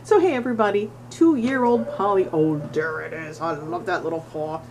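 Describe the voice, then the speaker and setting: A middle-aged woman volunteering at an animal shelter, chatting casually to the camera and cooing at a cat in a high sing-song voice, laughing often. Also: moderate pace, a little mellow, slight background noise, rough recording. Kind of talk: casual vlog talking to a cat.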